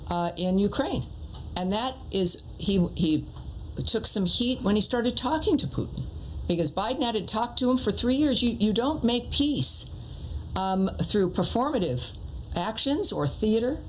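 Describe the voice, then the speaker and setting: A woman's voice: medium pitch, a little hiss or hum, poor audio. A woman answering questions as a political guest in a broadcast interview, earnest and hesitant with frequent fillers.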